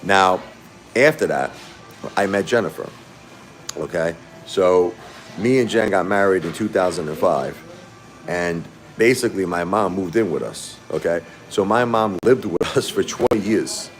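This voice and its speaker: Low-voiced middle-aged man rambling to chat. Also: a little slow. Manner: rambling, repeats himself, addresses viewers by name. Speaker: livestream host. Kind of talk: casual livestream talk to chat. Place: fast-food restaurant.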